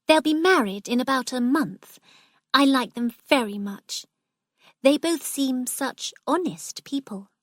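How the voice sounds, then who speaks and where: A woman's voice: high voice, lively intonation, a little slow, no room sound, studio quality, pitched above the performer's own voice. A woman voicing an eager young girl. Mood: earnest. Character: excited young woman, earnest and dreamy.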